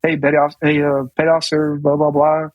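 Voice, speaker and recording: A man's voice: on the high side, completely flat delivery, fast, dry recording, highs cut off. A man in his thirties, a navy command master chief and podcast guest, telling a story casually with many restarts and acted-out quotes. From US South.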